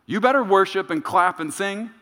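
A stern male drill sergeant, put on by a preacher, barks quick, repeated commands. The voice sits higher than the man's usual speech and lands hard. It rings out in a reverberant hall. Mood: barking. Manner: shouted orders, rapid repetition.

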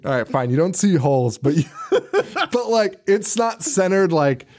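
A man's voice: high voice, very animated, a little slow, a little mellow. Laughing, profane man recapping a film. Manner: profane, laughing, acts out characters' lines. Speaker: podcast host. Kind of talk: casual movie recap chat.

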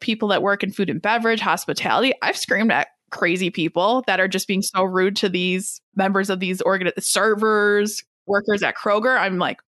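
A woman's voice: mid-range voice, fairly even intonation, normal speed, hardly any pauses, fairly bright tone, no room sound, clean studio sound. A young adult woman hosting a casual interview, talking in a chatty, filler-heavy way and quoting people with lots of animation. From Metro Detroit area.

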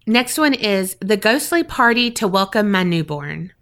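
A woman's voice: mid-range voice, unhurried. Chatty woman podcast co-host reading aloud. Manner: lively storytelling with fillers like "like" and "you know". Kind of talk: casual chat and reading listener letters aloud.

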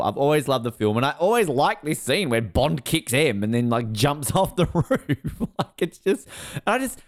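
A man talking casually on a podcast in a smooth, clear voice. He sits slightly higher in pitch than most men, and he jokes around with his co-host and laughs easily. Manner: jokey, laughs often, mock accent bits. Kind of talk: casual chat.

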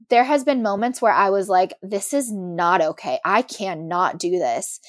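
A young woman in her twenties, a podcast guest telling her personal story in an emotional, animated way. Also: mid-range voice, dry recording, clean studio sound.

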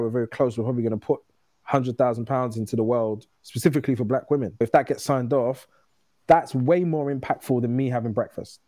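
A man's voice: mid-range voice, mellow, no echo. A man in his thirties, a guest telling candid personal stories in casual conversation, often restarting his phrases. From United Kingdom. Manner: candid, storytelling, quick restarts.

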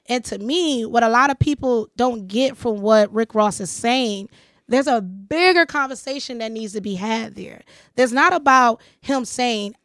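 A woman's voice: on the high side, dry recording, clean studio sound. A woman hosting a podcast, casually telling a personal story and acting out what others said. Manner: animated storytelling, acts out quoted lines. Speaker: podcast host. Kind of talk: casual chat.

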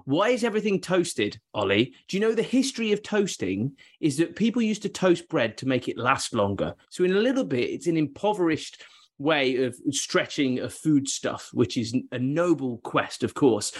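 Playful man hosting a podcast. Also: medium pitch. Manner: playful, mock-grand ad-libbing. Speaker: podcast host. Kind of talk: casual podcast banter.

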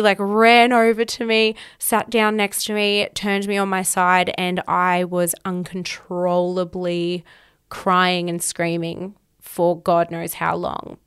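A woman's voice: fairly low pitch, fairly bright tone, smooth. A woman podcast host telling a personal story in an emphatic, candid way, swearing freely.

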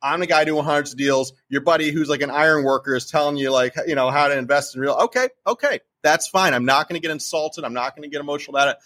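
A man's voice: on the high side, fast, hardly any pauses, fairly bright tone. A man with a New Jersey accent, speaking as a guest in a casual interview and talking animatedly and emphatically about investing. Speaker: real estate investor guest.

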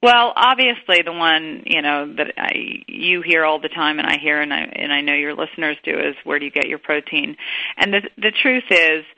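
Gravelly, bright-toned woman guest. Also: sits low, moderate pace, few pauses, no room sound, low-quality recording. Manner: enthusiastic, with many restarts. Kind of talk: casual interview talk.

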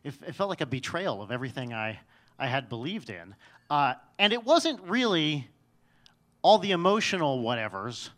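Wry man telling a story, bright voice. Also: a little high, big pitch swings, moderate pace. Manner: wry, self-mocking, with frequent restarts. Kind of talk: live personal storytelling.

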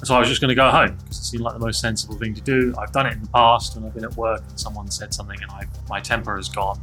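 A man's voice: on the low side, flat delivery, fast talker, bright, forceful tone, soft background music. A man telling a candid, self-critical personal story in an interview, with frequent restarts.

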